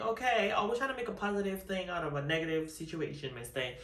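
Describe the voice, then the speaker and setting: A woman's voice: low voice, lively intonation, fast, fairly bright tone, roomy sound, far from the mic. A woman chatting casually in an unboxing vlog, sassy and flamboyant, calling her viewers honey. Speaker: vlogger.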